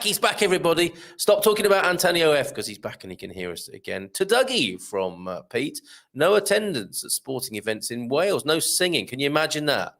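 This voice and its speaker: A man with a gravelly edge to his voice hosts a relaxed live stream. His pitch rises and falls a lot as he reads out viewers' comments. He jokes along with them and fills the gaps with ums and uhs. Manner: chatty, jokey, with frequent ums and uhs. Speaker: show host reading viewer comments. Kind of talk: casual live-stream chat. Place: home in Portugal.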